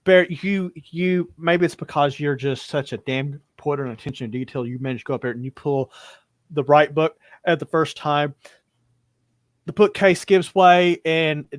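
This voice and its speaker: A man's voice: fairly high pitch, normal speed, dry recording. A man narrating a tabletop horror game as game master, telling the story in a loose, improvised way. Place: home streaming setup.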